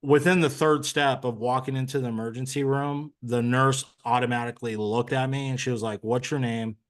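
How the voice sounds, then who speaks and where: Man, interview guest, earnest, conversational, filler words, mid pitch. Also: steady tone, fairly quick. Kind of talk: candid personal story.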